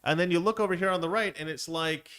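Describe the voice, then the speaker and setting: A man's voice: a little high, quick pace, a bit bright, smooth. A young man hosting a show, giving casual, sarcastic commentary with frequent laughs. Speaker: show host.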